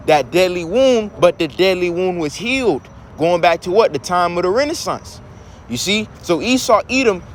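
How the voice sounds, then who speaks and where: A man with a fairly high voice teaches from scripture and keeps posing rhetorical questions to his listeners. He preaches in a plain, steady way. Faint traffic hums behind him.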